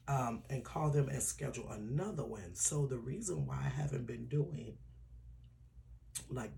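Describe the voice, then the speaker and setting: A man gives his followers a heartfelt vlog update. His voice is gravelly and hoarse from a tired throat. A faint hiss sits under the recording. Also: medium pitch, warm tone. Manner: earnest, personal and emotional, drops to a whisper at times. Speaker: YouTuber.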